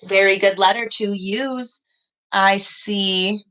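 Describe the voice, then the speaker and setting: Slow-speaking encouraging woman teacher. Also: mid-range voice, fairly even intonation, bright, forceful tone. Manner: encouraging, slow and deliberate with children. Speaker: second grade teacher. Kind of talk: live-streamed online class.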